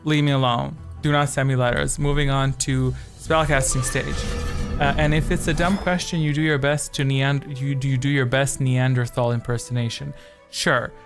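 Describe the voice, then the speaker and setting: A man's voice: mid-range voice, flat delivery, normal speed, over music. A man hosting a live-stream quiz game, rambling chattily between questions with jokey asides. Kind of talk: casual live-stream chat.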